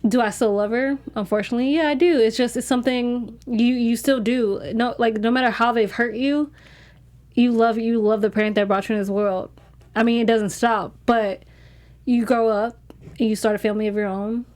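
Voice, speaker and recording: A woman's voice: a little high, fairly even intonation, moderate pace, darkish tone. A woman co-hosting a TV recap in casual chat, candid and emotional, often restarting her sentences. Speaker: co-host.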